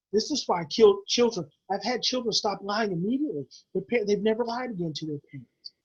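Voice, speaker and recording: Husky, high-voiced man preaching parenting. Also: lo-fi sound. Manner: emphatic, repetitive, preacher-like urging. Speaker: parenting webinar presenter. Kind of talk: impassioned webinar teaching.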